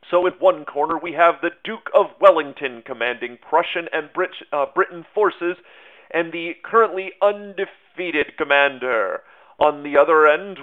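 A man teaching history in a loose, conversational way, full of fillers and hedges. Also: fairly high pitch. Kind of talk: casual history lesson. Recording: tinny phone-like sound.

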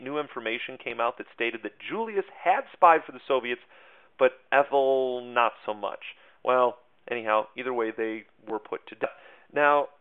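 Male teacher hosting a podcast, chatty and jokey, medium-pitched voice, phone-like lo-fi sound. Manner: chatty, self-deprecating jokes, many fillers. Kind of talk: casual spoken history lesson. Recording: tinny phone-like audio.

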